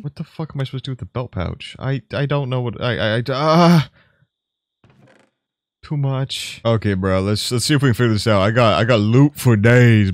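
A young man doing game commentary, swearing all the time and swinging from low mutters to sudden loud yells. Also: dry recording. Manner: profane, jumps from mumbling to yelling. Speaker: gaming YouTuber.

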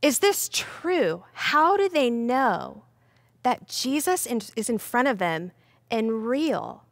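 A young woman teaching a children's Bible lesson, playful and animated, talking straight to the kids. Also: a little high, takes it slowly, dry recording, clean studio sound.

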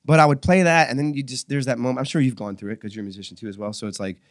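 A man talking as a musician guest in a casual podcast interview, animated, acting out what people said. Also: medium pitch, very fast, no room sound, clean studio sound. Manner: animated storyteller, acts out quotes.

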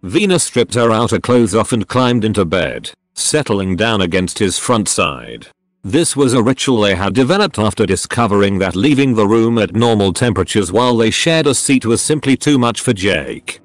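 Low computer-voice guy reading a story, lively pitch swings, dry sound, soft music behind. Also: moderate pace, dry recording. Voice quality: synthetic text-to-speech voice. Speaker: narrator. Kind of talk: audiobook-style story reading.

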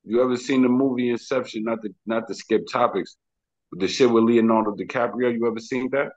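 A man's voice: medium pitch, fairly even intonation, fairly quick, a little mellow, muffled recording. A man from the Bronx with a New York accent, talking as a rapper guest in a rambling, slangy, emphatic way. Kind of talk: casual interview talk.

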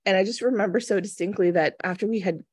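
A woman's voice: mid-range voice, fast talker, darkish tone, slightly rough, dry recording, clean studio sound. A woman in her thirties, a manifestation coach, telling a personal story in an earnest, chatty way during an interview. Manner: earnest, storytelling, acts out quoted voices. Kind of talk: casual interview conversation.

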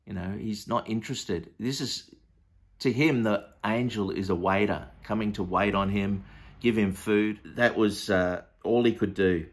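Man giving a loose, halting Bible talk. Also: lowish voice. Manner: conversational, hesitant with many fillers and restarts. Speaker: preacher. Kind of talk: informal Bible teaching.

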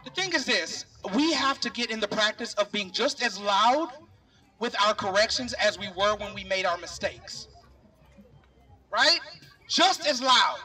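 Man, very high voice, sharp and bright, earnest rally speech outdoors, heard from afar. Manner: earnest, talks directly to the crowd with "y'all". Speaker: speaker at a rally. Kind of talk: impassioned public speech. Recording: voice picked up from a distance.

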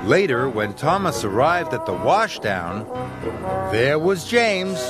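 Male narrator, lively pitch, slow measured delivery, loud music under the voice. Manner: expressive and measured. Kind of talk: storybook narration.

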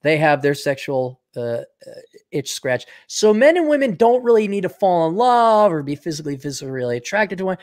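Brief: a male commentator with a slightly high voice that is wearing thin, blunt and sardonic, talking off the cuff. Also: very animated, fairly quick, a little mellow. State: losing his voice. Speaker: video commentator. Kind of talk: casual unscripted monologue.

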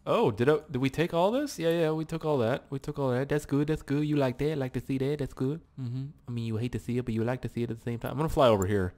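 A man's voice: mid-range voice, quick pace, few pauses, a little mellow. A young man giving loose, joking, profane commentary while playing a video game. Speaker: gaming YouTuber. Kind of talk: gameplay commentary. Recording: game sounds and noise behind.

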